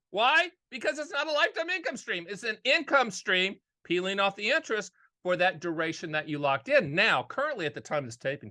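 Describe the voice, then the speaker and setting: High, bright, energetic annuity-agent host. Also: male voice. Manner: energetic, folksy, repeats key phrases. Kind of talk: casual straight-talk explainer.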